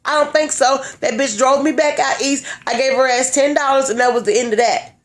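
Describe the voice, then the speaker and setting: A woman's voice: high voice, fairly even intonation, a little fast. A young woman telling a story in a blunt, brash way, swearing freely. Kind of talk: casual profane storytelling.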